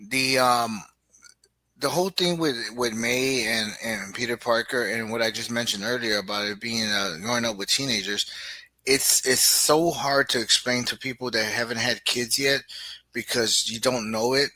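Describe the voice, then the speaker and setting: A man's voice: medium pitch, moderate pace. A middle-aged man co-hosting a casual podcast chat, telling stories animatedly and acting out what his kids say. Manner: animated storytelling, acts out family quotes. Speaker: podcast co-host.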